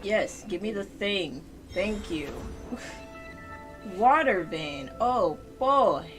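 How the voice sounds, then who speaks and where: A woman's voice: medium pitch, animated, very slow. A woman streaming a video game live, talking to her chat and the game character, shrieking and swearing at every death. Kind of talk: live gameplay commentary. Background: game music.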